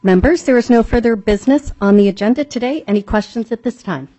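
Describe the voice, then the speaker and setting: A woman chairing a legislative committee hearing, brisk and procedural. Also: fairly high pitch, warm tone. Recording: dull, lo-fi hearing room audio.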